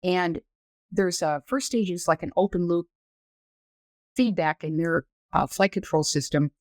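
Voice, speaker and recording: A woman in her sixties, a former astronaut guest on a podcast, telling her story in a detailed, measured, explanatory way. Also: fairly low pitch, no echo. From United States. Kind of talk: conversational storytelling interview.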